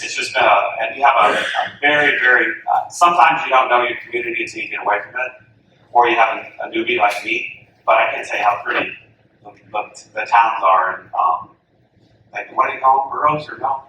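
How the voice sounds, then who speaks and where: A man giving a coaching talk to an audience, telling a lively story and acting out the voices of the people in it. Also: mid-range voice, fairly quick. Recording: echoey hall from far off, faint room noise.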